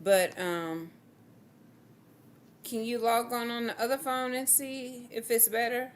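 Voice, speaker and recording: Slow-talking Southern woman hosting. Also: on the high side, slight background noise. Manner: relaxed and upbeat, slow-paced. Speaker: host. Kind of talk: casual live-stream chat.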